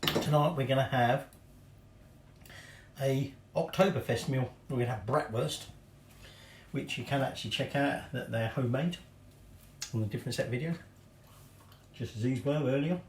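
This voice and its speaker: A man's voice: mid-range voice, moderate pace, long pauses, roomy sound, slight background noise. A middle-aged man from England hosting a home cooking demonstration, chatting casually with rambling, self-deprecating asides. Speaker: home cooking show host. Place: home kitchen.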